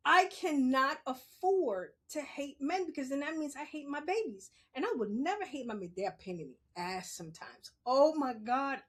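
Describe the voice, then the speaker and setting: Middle-aged woman podcast host, fairly high voice, blunt and profane, candid monologue with loud laughing asides.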